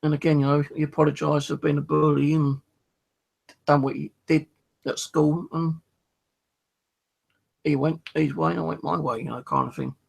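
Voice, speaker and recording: A man's voice: on the high side, fairly even intonation, moderate pace, gravelly, long pauses, husky. A middle-aged British man telling a personal story in a casual, rambling way, swearing freely and often saying "you know". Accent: British English.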